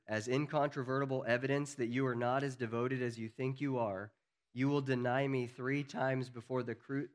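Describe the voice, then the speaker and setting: A man preaching a sermon as pastor, earnest, building to emphatic peaks and then dropping low and quiet.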